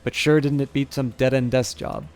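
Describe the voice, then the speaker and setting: A man's voice: medium pitch, flat delivery, normal speed, natural voice. A man voicing a brash, wry former ranger turned mercenary, blunt and folksy, in a near-everyday voice.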